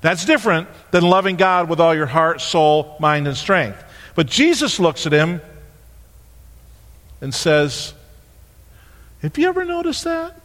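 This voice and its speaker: A man preaching a sermon as a pastor, telling stories with lively acted-out voices. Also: fairly high pitch, unhurried. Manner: animated storytelling, acting out voices. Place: church sanctuary. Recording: long hall reverb.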